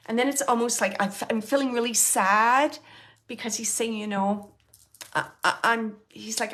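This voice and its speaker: A woman hosting a show and giving a live mediumship reading, speaking earnestly in halting phrases with many fillers and restarts, often checking in with the person she reads for. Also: fairly high pitch, fairly even intonation, a bit bright.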